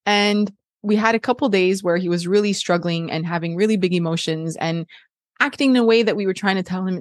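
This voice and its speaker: Chatty mom host, dry close sound. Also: female voice, on the low side, a little fast, dry recording. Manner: warm, thinks aloud with restarts and laughs. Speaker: podcast host. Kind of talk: casual parenting chat.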